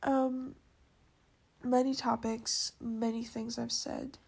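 Slow, husky-voiced woman podcaster. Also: on the high side, flat delivery. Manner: rambling, chatty, many fillers and soft asides. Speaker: podcast host. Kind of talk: casual solo podcast monologue.

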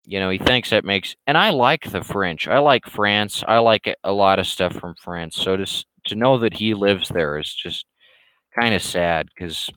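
A man's voice: sits low, moderate pace, a bit bright, clean tone, no room sound, low-quality recording. A man rambling through casual livestream talk, hesitant and full of restarts as he answers viewer questions. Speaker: streamer and comic creator.

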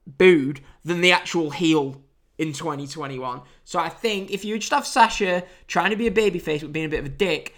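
A British man with an English accent, from the United Kingdom, hosts a casual solo wrestling review podcast. His voice is on the high side and a bit bright, moving at a moderate pace. He's chatty and wry, with lots of fillers and restarts.

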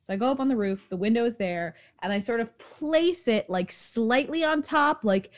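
Young woman, from New York, quick animated storytelling, casual podcast co-host. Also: on the high side. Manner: fast-talking, animated storyteller.

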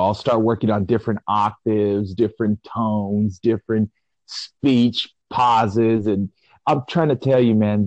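A man's voice: lowish voice, a little mellow, dry recording. Rambling man in his forties, muffled audio. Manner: reflective and rambling, with drawn-out pauses. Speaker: podcast co-host. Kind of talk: casual chat. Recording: dull lo-fi audio.

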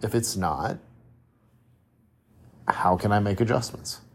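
A man's voice: fairly low pitch, takes it slowly. A man hosting a solo motivational podcast, talking reflectively and conversationally with rhetorical questions and frequent restarts. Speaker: podcast host.

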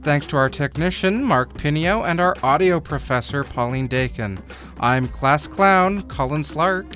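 A man co-hosting a podcast, reading scripted narration and credits in a measured way. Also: fairly high pitch, lively intonation, fairly bright tone, faint music behind. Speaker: podcast co-host.

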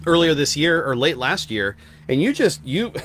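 A man's voice: a little high, sing-song, normal speed, a bit bright. A man in his forties, co-hosting a casual podcast chat and reading listener comments aloud. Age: 40s. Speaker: podcast co-host.

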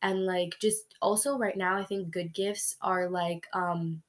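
A woman's voice: fairly low pitch, steady tone, measured pace. A young woman co-hosting a casual podcast chat, talking in a loose, chatty way full of fillers. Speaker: podcast co-host.

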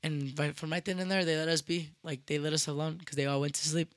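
A man's voice: a little high, level tone, fast talker, a bit bright, dry recording. A young man in his twenties telling a rambling, profane story in casual podcast chat, dropping in Spanish phrases. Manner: rambling, profane, with frequent restarts.

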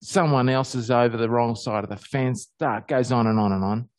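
An Australian man giving a conversational sermon, telling personal stories with animated jumps up in pitch. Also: normal speed, dry recording. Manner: animated storyteller, pitch jumping high on happy moments.

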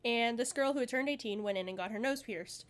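A woman's voice: a little high, a little fast. A young woman co-hosting a podcast in casual chat, blunt and profane, who acts out the voices of the people she quotes. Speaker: podcast co-host.

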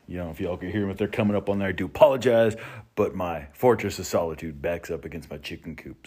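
A man's voice: low-pitched, husky. A man from North Idaho delivering a folksy, drawling comedic rant from his home workshop, chuckling between lines. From North Idaho, USA. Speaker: comedic monologuist.

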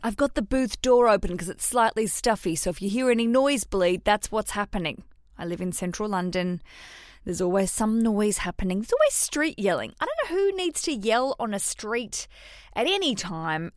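A woman's voice: medium pitch, no room sound. A woman in her thirties hosts her own podcast from a small booth at home, talking in a loose, chatty way. She keeps breaking off into self-mocking asides. The sound is close and dry, with no room around it. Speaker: podcast host. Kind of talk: casual solo podcast chat. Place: recording booth in a city flat.

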